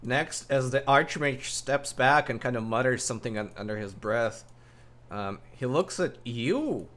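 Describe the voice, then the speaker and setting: A man narrating as game master, with expressive, animated delivery and quick asides. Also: mid-range voice.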